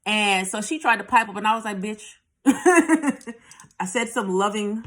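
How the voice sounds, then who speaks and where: A woman's voice: mid-range voice, expressive, unhurried. A woman telling her own story in a blunt, profane way, often repeating a line for emphasis. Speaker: channel host telling a personal story. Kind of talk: candid personal storytelling.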